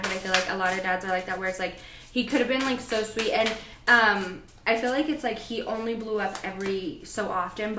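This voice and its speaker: A woman's voice: a little high, fairly bright tone. A young woman giving a general spiritual reading to camera, rambling and hesitant, with many fillers and restarts. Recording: echoey room with faint ambient noise.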